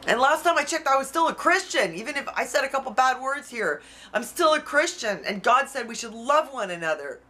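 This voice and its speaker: Outspoken woman vlogger, frustrated and profane, slightly high, sharp voice. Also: expressive, brisk. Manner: outspoken, blunt, swears freely; heated, frustrated. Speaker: YouTuber. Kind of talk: emotional vlog rant. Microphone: camera mic.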